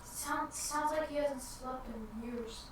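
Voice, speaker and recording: A woman's voice: high voice, slow pace. A woman playing a tabletop game, chatting casually and teasing the game master about character voices. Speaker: player. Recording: distant echoey room with noise.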